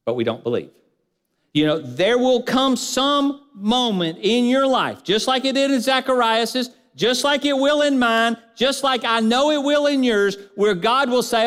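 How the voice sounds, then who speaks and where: A man preaching a sermon in a church, building repeated lists and rhetorical questions and letting his voice sink low at the ends of phrases. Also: expressive, a little slow, fairly bright tone, clear, resonant tone, long reverb tail. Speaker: pastor.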